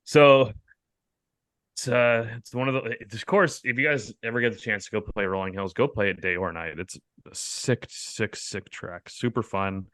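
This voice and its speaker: A man's voice: on the low side, bright, forceful tone, no echo. A man co-hosting a podcast, telling a story in casual chat with lots of swearing and laughter. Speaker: podcast co-host.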